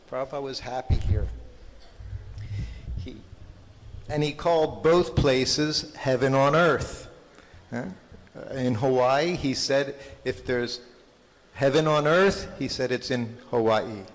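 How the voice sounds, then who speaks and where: A man giving a halting, reminiscing talk as a guest speaker at a temple anniversary, with many fillers and restarts. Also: medium pitch. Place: large temple hall. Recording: long hall reverb.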